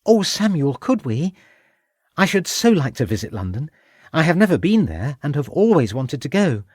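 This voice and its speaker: An eager young wife, pleading and bubbling with excitement, as a male reader puts her on. Her lifted voice swings widely, recorded close and dry for an audiobook. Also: mid-range voice, normal speed, no echo, close to an everyday voice. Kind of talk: audiobook character voice.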